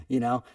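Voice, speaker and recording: A man's voice: darkish tone, no room sound. Dry, distant male podcast host. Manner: conversational, heavy "you know" fillers. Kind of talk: storytelling monologue.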